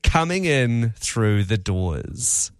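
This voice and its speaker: A man's voice: medium pitch, big pitch swings, extremely slow. A man co-hosting radio, reading listener texts in an easygoing way. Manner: easygoing, short reactions. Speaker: radio co-host. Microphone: studio mic.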